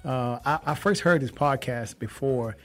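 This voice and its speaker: A man hosting a radio talk show, talking excitedly and repeating himself, often laughing. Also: mid-range voice, unhurried, soft background music. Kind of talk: casual radio chat.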